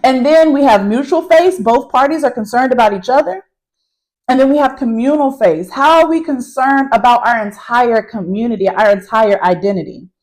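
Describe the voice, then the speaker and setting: Animated woman instructor talking in a car. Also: a little high, moderate pace, poor audio. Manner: addresses viewers as y'all, emphatic and animated. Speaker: college instructor. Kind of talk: casual talk to camera, recapping a class. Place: in a parked car.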